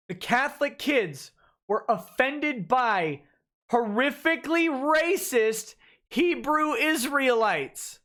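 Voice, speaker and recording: A woman's voice: a little high, expressive, unhurried, fairly bright tone. A woman hosting a livestream, giving sarcastic, ranting commentary while reading text aloud with asides. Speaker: host.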